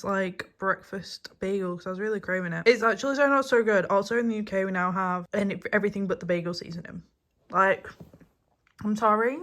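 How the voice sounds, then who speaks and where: Chatty British woman vlogging about books. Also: medium pitch. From Britain. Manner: chatty, gushing, rambling asides. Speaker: book vlogger. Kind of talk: casual chat to camera. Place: home, indoors.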